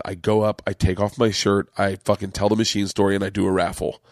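A man's voice: lowish voice, little pitch movement, quick pace, few pauses, no echo. A middle-aged man telling a long rambling story in casual chat, swearing freely and acting out what others said. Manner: rambling, profane, acts out quotes. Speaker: podcast host, comedian.

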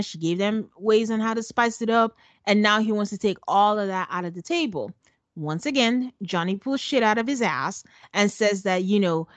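A woman co-hosting a podcast, recapping a reality show in a sarcastic, animated, chatty way. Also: medium pitch, no room sound. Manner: sarcastic, animated storytelling with acted quotes. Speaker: podcast co-host. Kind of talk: casual recap chat.

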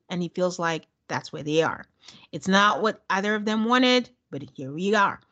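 A woman co-hosting a casual chat, recapping a show with sarcastic, animated storytelling. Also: mid-range voice. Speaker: podcast co-host recapping a reality show.

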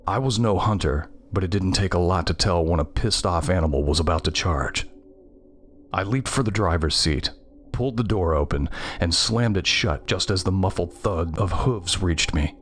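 A man's voice: deep voice, normal speed, a little hiss or hum. A man narrating a first-person horror story in a tense, scripted reading.

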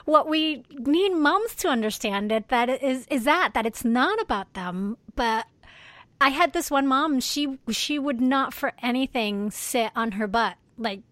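Woman, birth worker, higher voice, plainspoken, dry recording. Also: lively intonation, unhurried, fairly bright tone, no echo. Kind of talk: casual storytelling chat.

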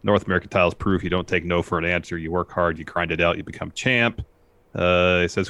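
A man's voice: sits low, steady tone, a little fast, pushed and bright, dry recording. A man co-hosting a podcast, walking through a wrestling recap in casual chat. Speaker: podcast co-host.

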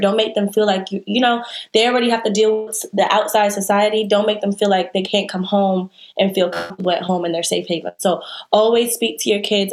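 A young woman, a guest in a casual interview, talking candidly and rambling with fillers and restarts. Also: mid-range voice.

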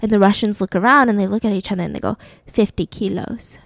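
A woman telling a story in casual chat. She is animated, swears freely and fills her sentences with "like". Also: medium pitch, racing, creaky, no echo. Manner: animated, swears freely, lots of filler 'like'. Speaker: podcast co-host telling a story.

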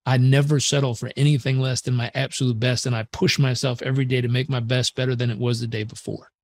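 A man, a performance coach telling a story as a podcast guest in an earnest, animated way that swears casually. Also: mid-range voice, quick pace.

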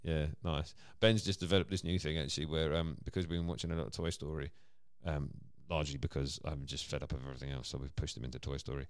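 A man's voice: very deep voice, clean tone, no echo, clean studio sound. A man, co-hosting a podcast as a dad in casual chat, laughing often. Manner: animated, quick, laughs often.

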